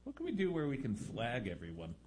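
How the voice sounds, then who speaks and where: A man with a husky, slightly raspy voice co-hosts a talk radio show. He drops in quiet, offhand remarks at a middling pitch. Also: huge pitch swings, fairly quick. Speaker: radio co-host. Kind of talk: casual talk radio banter.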